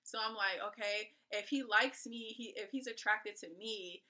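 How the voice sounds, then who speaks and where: A woman from California telling a personal story to her viewers in a chatty, animated way. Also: mid-range voice, unhurried. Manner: animated, acts out what people said; chatty, addresses viewers directly. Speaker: storytime vlogger. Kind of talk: casual storytelling.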